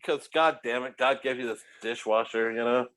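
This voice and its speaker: A middle-aged man telling restaurant stories as a podcast guest, animated, profane and laughing as he goes. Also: mid-range voice, normal speed. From United States. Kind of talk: casual storytelling.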